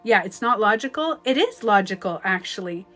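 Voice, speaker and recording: A woman's voice: medium pitch, lively intonation, normal speed, fairly bright tone, faint music behind. A woman relationship coach on a live stream, giving advice emphatically and acting out hurt voices with some swearing.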